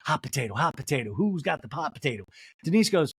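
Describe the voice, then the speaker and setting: Animated gossipy male podcast host. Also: a little high, quick pace, husky, dry recording, studio quality. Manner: animated, gossipy, many fillers. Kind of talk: comedic TV recap.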